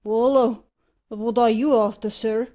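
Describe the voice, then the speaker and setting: A woman's voice: mid-range voice, steady tone, unhurried, natural voice. A woman voicing a sly, dialect-speaking male tinker in a storybook reading. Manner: dialect speech, knowing. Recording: muffled lo-fi audiobook recording.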